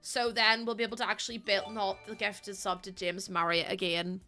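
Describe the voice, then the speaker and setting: A woman's voice: medium pitch, little pitch movement, moderate pace, sharp tone, faint music behind. A British woman livestreaming, chatting casually with her viewers, laughing often and swearing freely. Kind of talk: casual stream chat.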